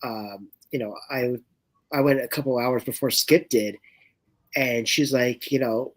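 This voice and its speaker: A man of middle pitch co-hosting a fan show, recounting convention stories at an easy pace. His sentences often fade into a quieter end. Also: measured pace. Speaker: co-host of a fan watch-along show. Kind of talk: casual fan chat.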